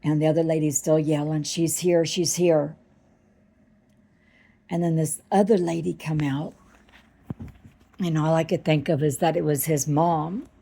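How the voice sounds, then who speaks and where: A woman earnestly retelling a vivid dream in a slow, halting way, close to tears at times. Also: sits low, steady tone, gravelly, warm tone, low-quality recording. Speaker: vlogger telling a dream. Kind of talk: personal storytelling.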